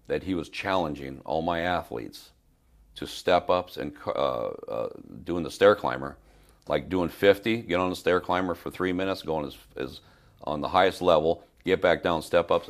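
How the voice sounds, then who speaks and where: A man's voice: rumbling low, gravelly. An older man from Spain, a fitness trainer telling a story in an interview, rambling with fillers and restarts. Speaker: fitness trainer, podcast guest.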